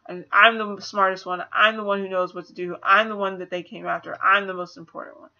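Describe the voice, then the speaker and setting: A woman's voice: medium pitch, little pitch movement, fairly quick, pushed and bright, lo-fi sound. A woman voicing a boastful young boy genius while retelling a film, keeping close to her own voice. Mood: bragging. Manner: lightly quoted, barely changed voice.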